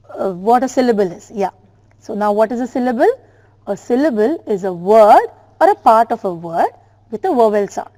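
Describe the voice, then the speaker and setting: A woman teacher slowly drilling words and syllables for her students, addressing them directly. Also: fairly high pitch, warm tone, long reverb tail. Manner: slow, careful word-by-word drilling, addressing students. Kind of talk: classroom lesson on syllables.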